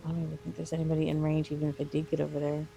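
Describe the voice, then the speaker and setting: A woman's voice: sits low, completely flat delivery, very fast, creaky, warm tone, slight background noise. A woman co-hosting a let's play, chatting casually and reacting as she plays. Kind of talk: casual gameplay chat.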